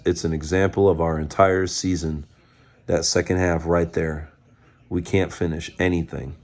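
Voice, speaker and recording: A man giving a profane, fired-up rant as a sports fan, mocking others with put-on quotes. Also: low-pitched. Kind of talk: ranting fan commentary.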